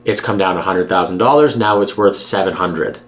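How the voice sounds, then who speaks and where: A man's voice: sits low, fairly quick. A man who works as a real estate agent, talking straight to camera in a blunt, emphatic, persuasive way. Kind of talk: direct-to-camera advice vlog.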